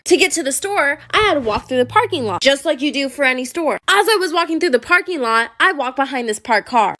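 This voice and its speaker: Young woman for a storytime voice-over: a very high, crisp voice with a dry, joking delivery. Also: bright, forceful tone.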